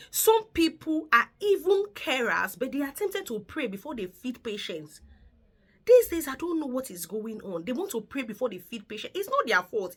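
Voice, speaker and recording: A woman nurse from Africa giving earnest, lecturing advice in a casual vlog, repeating her warnings and asking rhetorical questions. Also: high-pitched. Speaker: nurse giving advice to migrant care workers.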